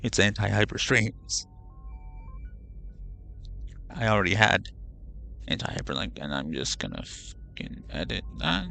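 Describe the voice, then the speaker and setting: Gravelly, swearing gaming streamer guy. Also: fairly low pitch, wildly swooping pitch, measured pace, pauses often, sharp tone, faint music behind. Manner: rambling, profane, self-correcting. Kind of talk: casual gaming livestream chat.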